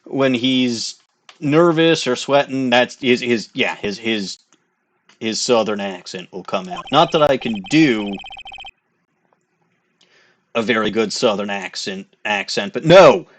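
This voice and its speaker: A man's voice: mid-range voice, slow, pauses often. A man giving casual, profane gameplay commentary with wry asides. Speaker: let's play host.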